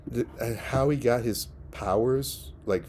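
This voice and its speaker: A man with a mid-range voice gives a casual spoken movie review. He sounds relaxed and halting, with lots of fillers and restarts. There's a little hiss or hum in the recording.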